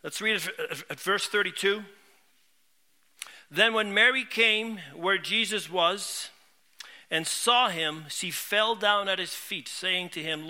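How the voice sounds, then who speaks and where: A middle-aged pastor preaching from the pulpit, earnest and heartfelt, circling back on his words as he tells personal stories. His voice sits high for a man, with a bright, sharp, piercing edge. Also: takes it slowly. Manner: earnest, heartfelt storytelling with frequent word repeats. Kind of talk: sermon.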